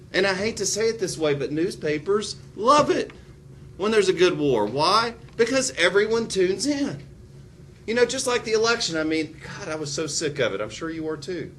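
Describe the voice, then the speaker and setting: A male history lecturer talks through his material in an animated, theatrical way. He keeps a middle-pitched voice, drops in wry, sarcastic asides, and a faint hiss sits under the recording. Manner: animated, acts out quotes with big pitch jumps.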